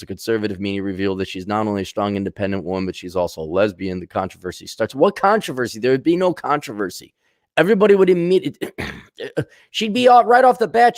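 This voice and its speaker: Casting: lower-voiced man ranting, sarcastic and blunt, dry close sound. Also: no room sound. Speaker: commentator. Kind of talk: ranting commentary.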